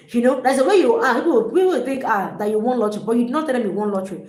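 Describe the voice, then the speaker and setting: A woman's voice: a little high, lively intonation, very fast, darkish tone. A woman life coach giving a live coaching talk to single women, speaking emphatically, repeating key phrases and addressing viewers directly. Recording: roomy echo.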